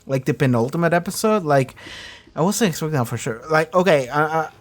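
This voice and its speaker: A man with a hoarse, cracking voice hosting a casual reaction review, rambling and swearing freely. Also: fairly high pitch, expressive, a little fast. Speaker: reaction video host.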